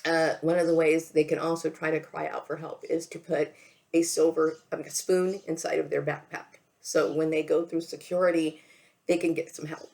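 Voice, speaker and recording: Tearful woman with a low gravelly voice. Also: level tone, a little mellow. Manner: halting, repeats words, often says okay. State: tearful, emotional. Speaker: vlogger. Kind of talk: emotional personal monologue to camera.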